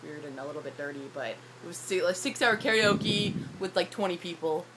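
A young woman rants into her phone in a rambling, self-deprecating way, her voice worn hoarse from a night of shouting. She speaks on the low side for a woman, and heavy noise sits under the recording. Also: a little fast. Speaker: YouTuber. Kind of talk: casual vlog rant. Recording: loud background noise.

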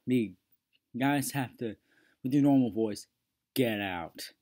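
Slow, chatty man teaching an impression. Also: medium pitch, darkish tone. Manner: chatty, self-deprecating. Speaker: video maker teaching a voice impression. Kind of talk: casual tutorial.

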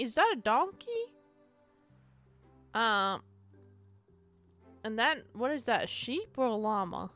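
Excitable high-voiced woman streamer. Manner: excitable, swears often, reads chat aloud. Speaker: live streamer. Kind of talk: casual live-stream chat while gaming.

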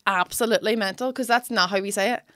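A woman with a Northern Irish accent, a comedian co-hosting a casual podcast, telling animated stories and slipping into impressions. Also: mid-range voice, quick pace, dry recording, studio quality. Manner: animated storyteller, mimics and laughs.

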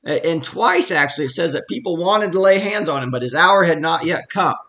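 Bright gravelly man teaching the Bible. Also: a little high, expressive, a little fast. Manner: conversational, explains then reads verses with emphasis. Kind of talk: casual verse-by-verse Bible teaching.

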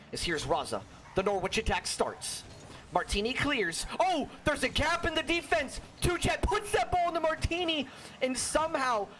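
Young guy casting an esports match, high voice that jumps all over, kinda hoarse, faint hiss behind. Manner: excitable, jokey, frequent exclamations. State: voice worn out. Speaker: esports caster. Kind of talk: solo play-by-play commentary.

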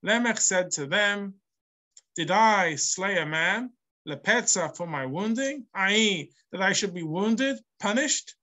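Male rabbi teaching a class, slow and bright, reads then translates. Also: high-pitched, animated. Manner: reads the Hebrew aloud, then translates and explains. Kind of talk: text study lesson.

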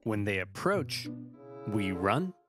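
A man voicing a smug Russian army commander in a conspiratorial, sly manner, in an animated history cartoon. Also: lowish voice, slow pace, pitched below the performer's own voice. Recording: voice over background music.

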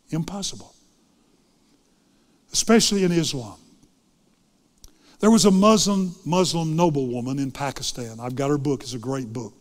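A man preaching a sermon, swinging dramatically between loud fervent lines and hushed ones. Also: mid-range voice, long reverb tail.

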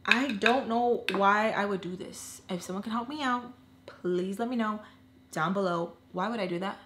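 A woman's voice: mid-range voice, normal speed, fairly bright tone, roomy sound, a little hiss or hum. A young woman telling an emotional personal story in a casual, earnest way, filling her talk with lots of "like"s. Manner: chatty, filler-heavy with many "like"s.

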